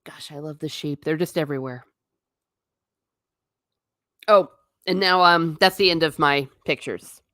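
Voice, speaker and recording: Chatty, low-voiced woman live-streaming. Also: measured pace, long pauses, a bit bright, dry recording, studio quality. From not Irish. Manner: chatty, laughs often, stumbles and repeats words. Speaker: livestream host. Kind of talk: casual live-stream chat with viewers.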